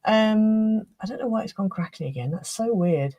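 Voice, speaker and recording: A woman hosting a craft livestream in casual chat, flustered and restarting her sentences, with a slightly rough throat. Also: medium pitch, expressive, moderate pace, warm tone, no echo, lo-fi sound, faint music behind. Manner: chatty, flustered, trailing off and restarting.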